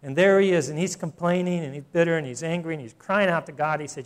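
A man's voice: fairly high pitch, brisk. A man preaching a sermon in a conversational way, often asking the congregation questions. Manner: conversational preaching with rhetorical questions and soft laughs. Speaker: pastor.

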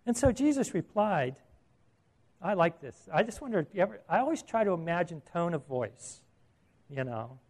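A man's voice: high voice, big pitch swings, normal speed, a little mellow. A middle-aged man preaching a sermon as a pastor, earnest and emphatic, asking his listeners questions.

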